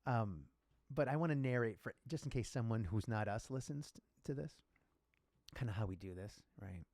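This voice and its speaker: A man co-hosting a casual podcast, joking, swearing and telling animated stories. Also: medium pitch, normal speed, no echo. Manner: animated, jokey storyteller who swears. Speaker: podcast co-host. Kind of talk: casual chat.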